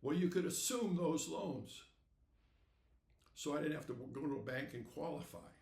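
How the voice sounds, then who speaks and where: A man in his eighties hosting a podcast, telling stories in a folksy, unhurried way and acting out the dialogue. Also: a little high, expressive, creaky, darkish tone, reverberant. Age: 80s. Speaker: podcast host. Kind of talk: storytelling monologue.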